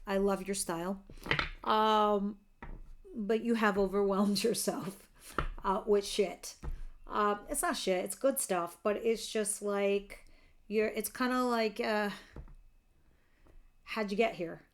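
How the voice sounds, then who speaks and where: A woman's voice: mid-range voice, slow pace, long pauses. A woman giving a casual tarot reading, chatty and candid, who laughs easily and swears now and then. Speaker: tarot reader.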